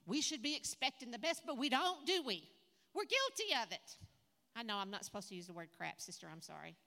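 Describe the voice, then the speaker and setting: Lively older woman preaching. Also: on the high side, a little fast. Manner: lively, humorous, talks to the audience. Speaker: conference speaker. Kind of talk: sermon. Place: church hall. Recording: echoey hall.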